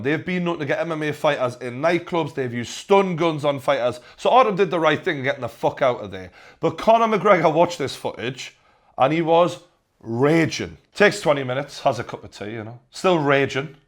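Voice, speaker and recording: A young man with a Geordie accent, hosting a comedic news rant with sarcastic, deadpan repeated punchlines. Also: fairly high pitch. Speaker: host.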